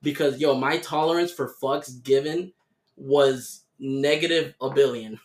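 A young man hosting a casual podcast chat, telling animated stories full of swearing. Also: medium pitch, a little slow, noisy background. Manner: animated storytelling with heavy swearing. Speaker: podcast host. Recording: roomy echo.

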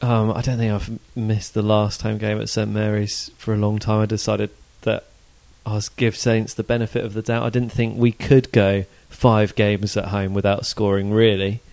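A man chatting casually on a podcast, rambling through his points with plenty of fillers. His voice is low and gravelly, and the recording is dry and close. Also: little pitch movement, normal speed, few pauses, darkish tone, no echo. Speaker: podcast co-host. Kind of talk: casual football podcast chat.

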